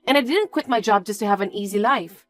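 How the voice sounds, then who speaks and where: A woman's voice: mid-range voice, animated, quick pace, fairly bright tone, faint music behind, close to an everyday voice. A woman voicing an earnest young engaged woman who pleads and questions in scripted story dialogue. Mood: upset. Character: young woman engaged, hurt but firm.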